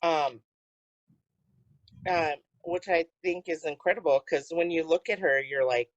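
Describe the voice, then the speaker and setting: A woman co-hosting a podcast remotely, telling stories in an unhurried casual way. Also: deep voice, no echo, dull audio. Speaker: podcast co-host. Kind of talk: casual chat.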